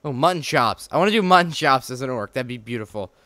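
A man hosting a let's play, excitable and joking, talking back at the game's characters as he plays. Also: medium pitch, quick pace, dry recording. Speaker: gaming channel host.

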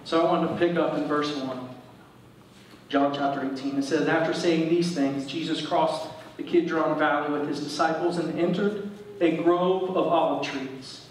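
A man's voice: a little high, heavy reverb, distant mic, a little hiss or hum, rough recording. A man preaching a sermon as pastor, reading scripture and explaining it to his congregation. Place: church service.

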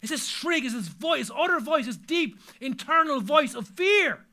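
A middle-aged man preaches a sermon from a church stage, his voice sitting unusually high for a man. The tone is very bright and forceful. He swings dramatically between loud, urgent cries and hushed, low asides. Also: expressive, unhurried. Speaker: pastor. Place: church hall with a congregation.

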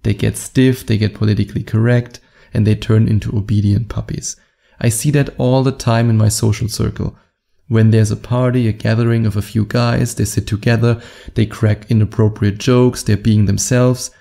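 A man with a low, mellow voice that has a steady gravelly rasp underneath. He coaches his viewers directly, laying out advice in a slow, deliberate, instructive way. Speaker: dating coach. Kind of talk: direct-to-camera advice monologue.

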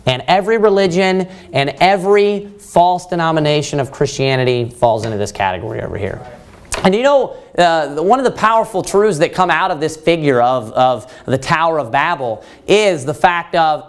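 A man leading a Bible study sermon, reading scripture aloud and asking his listeners questions. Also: fairly high pitch. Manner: animated, quotes scripture, asks the room questions.

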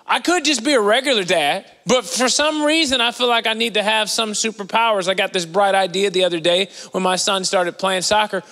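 A man preaching a sermon in an animated, conversational way, swinging between loud and hushed delivery. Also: sits high, fairly quick, hardly any pauses, long reverb tail. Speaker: guest preacher. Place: large church auditorium.

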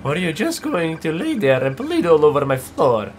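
A man's voice: on the high side, wildly swooping pitch, normal speed, faint music behind. A man voicing a cold, menacing male spirit villain who taunts and mocks, reading game dialogue aloud. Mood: mocking.

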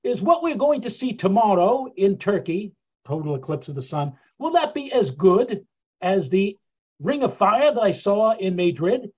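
A polite, eager English gentleman traveler with a genteel English accent, pitched up and lifted above the storyteller's own voice, as a man puts him on. He sounds inquisitive and well-mannered, and the sound is a little dull and muffled. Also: sing-song, moderate pace, husky, exaggerated voice. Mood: curious. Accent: English, put on.

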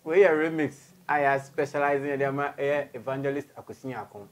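Animated Ghanaian male interviewer. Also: mid-range voice, a little fast. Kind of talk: interview host.

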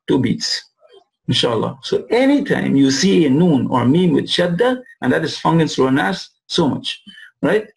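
A man teaching an Arabic and Quran lesson, repeating phrases, asking "right?" and slowly drawing out Arabic words for students to copy. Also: mid-range voice, gravelly, darkish tone, rough recording. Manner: repeats phrases and asks "right?" to check understanding; drawls Arabic words slowly to model pronunciation. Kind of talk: classroom lesson.

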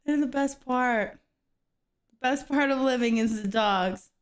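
A woman's voice: high-pitched, measured pace. A young woman streamer chatting casually to viewers, often breaking into giggles as she talks. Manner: giggly, laughing through words.

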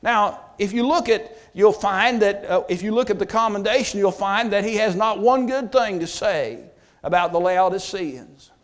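A man's voice: sits high, moderate pace. A pastor teaching a Bible study sermon, restarting his phrases and building force on key points.

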